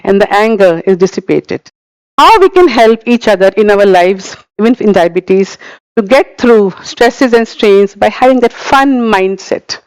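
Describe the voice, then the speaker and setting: A woman's voice: medium pitch, dry recording, poor audio. A middle-aged woman with an Indian English accent, speaking as a conference speaker and telling stories with emphatic repeated words. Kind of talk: conference talk. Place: conference hall.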